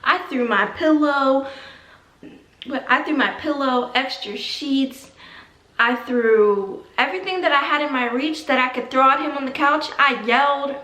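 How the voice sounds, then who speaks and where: A woman's voice: high-pitched, a little slow, bright, forceful tone. A young woman vlogger telling a personal story to camera in a chatty, dramatic way, with lots of "like"s. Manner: chatty, dramatic retelling with many "like"s. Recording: echoey room, mic at a distance.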